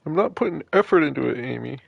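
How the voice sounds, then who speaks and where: A man's voice: a little high, lively intonation, fast, gravelly, no echo, muffled recording. A man streaming a building game, chatting casually with viewers in chat, joking and poking fun at himself. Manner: joking and self-mocking. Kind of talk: casual livestream commentary.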